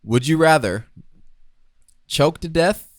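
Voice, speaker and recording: A man co-hosting a podcast in a casual comedy debate, teasing and trash-talking in an animated way. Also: on the high side, slow pace, dry recording. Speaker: podcast co-host.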